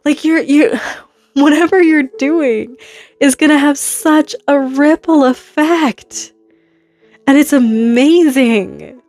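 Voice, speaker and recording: A woman giving a casual, rambling tarot reading to her viewers, acting out imagined reactions in quick quotes. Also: sits high, faint music behind. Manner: rambling, animated, full of hypothetical quotes. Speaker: tarot reader.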